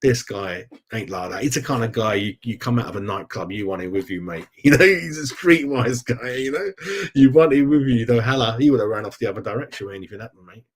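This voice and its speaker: Chatty football fan host. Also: male voice, mid-range voice, lively intonation, brisk, slightly rough. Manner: chatty, blokey, addresses viewers as mate. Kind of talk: casual live-stream football chat. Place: home room.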